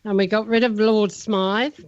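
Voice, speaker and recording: A woman's voice: medium pitch, steady tone, measured pace, darkish tone. A woman co-hosting a paranormal podcast in casual chat, playful and teasing. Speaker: podcast co-host. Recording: dull lo-fi remote audio.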